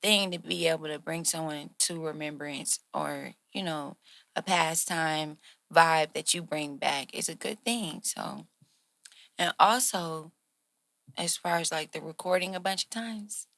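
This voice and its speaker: Middle-aged female singer from Georgia, gravelly texture, relaxed chat, laughs a lot. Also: deep voice, a little slow, dry recording. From Georgia, USA. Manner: laughs often while talking. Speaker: guest singer. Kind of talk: casual chat.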